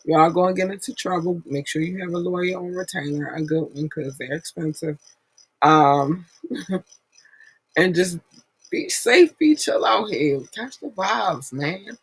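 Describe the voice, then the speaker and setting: A woman's voice: lowish voice, measured pace, husky, dry recording, low-quality recording. A woman hosting a podcast, giving a blunt, profane, rambling pep talk in a casual monologue. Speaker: podcast host.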